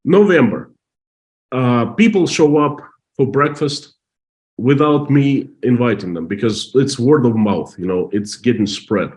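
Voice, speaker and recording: A middle-aged man from Russia with a Russian accent, telling a story in halting, emotional English full of restarts. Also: mid-range voice, expressive, darkish tone. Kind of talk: casual storytelling.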